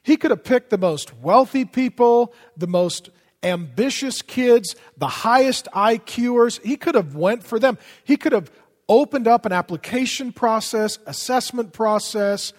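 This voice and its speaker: A high-voiced man preaches with lively energy, jumping from loud bursts to near-whispers. His voice rings out with a long echo from a big hall. The delivery is a pastor's sermon, punchy and conversational. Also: measured pace. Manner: animated, swings from loud to hushed. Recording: long reverb of a large hall.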